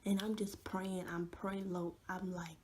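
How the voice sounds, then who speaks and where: A young woman vlogger telling an animated story with many fillers, often dropping to a hush. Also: lowish voice, unhurried, slight background noise. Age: young adult. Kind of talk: storytime vlog.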